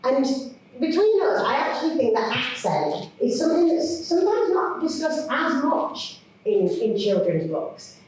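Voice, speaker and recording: A woman gives a chatty author talk, her higher voice swooping up and down as she jokes about herself. She is picked up from a distance in a large hall, so the sound rings with heavy echo and a faint hum beneath it. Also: measured pace. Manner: chatty, animated, self-mocking. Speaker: children's author. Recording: echoey hall from far off.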